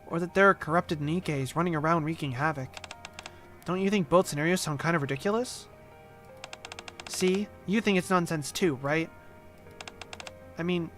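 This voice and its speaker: A man's voice: a bit bright, natural voice. A man voicing a young girl who talks to her injured father, his normal voice raised a little with an upward lilt. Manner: slightly raised pitch with upward inflection.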